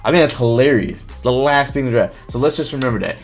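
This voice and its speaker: Animated man talking football on stream. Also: medium pitch, fast talker, soft background music. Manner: animated, swears, reads chat comments aloud. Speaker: live stream host. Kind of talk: casual sports talk on a live stream.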